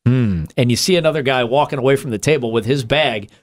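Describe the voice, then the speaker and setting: A man co-hosting a casual comedic podcast, telling stories in an animated, profane way. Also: mid-range voice, fast talker. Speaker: podcast co-host.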